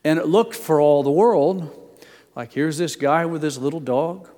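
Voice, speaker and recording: A man's voice: a little high, measured pace, mellow. An older man preaching a sermon, telling a personal story in a conversational, self-deprecating way. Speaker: pastor. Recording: long hall reverb.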